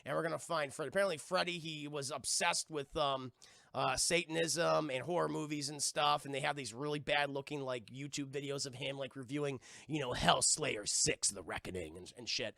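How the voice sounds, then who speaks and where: A man live-streaming a casual film review, swearing a lot and excitedly talking to his chat. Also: mid-range voice, normal speed, gravelly, dry recording, clean studio sound. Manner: profane, excitable, talks to the chat.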